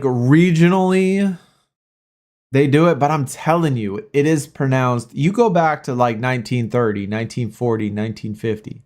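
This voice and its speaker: This gaming streamer, playing a mobile title live, chats aimlessly, argues with his viewers, and swears now and then. His medium-pitched voice has a slightly mellow quality.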